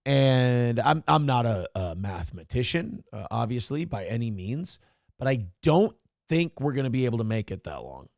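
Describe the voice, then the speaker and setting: A man's voice: medium pitch, big pitch swings, moderate pace, creaky, darkish tone, no echo, studio quality. A man hosting a morning show, chatting casually, reading viewer comments, and swearing and joking at his own expense. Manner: profane, joking, self-mocking rants.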